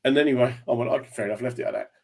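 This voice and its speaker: Comic guy rattling off a gig story, quick, does all the voices. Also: mid-range voice. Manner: fast, animated storyteller acting out dialogue. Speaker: radio show host and comedian. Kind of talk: casual chat, telling a stage anecdote.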